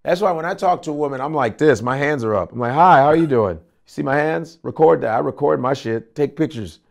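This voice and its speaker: A male comedian guest in a casual interview, telling animated stories and acting out voices. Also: mid-range voice, fairly quick, gravelly. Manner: animated storytelling with acted-out voices.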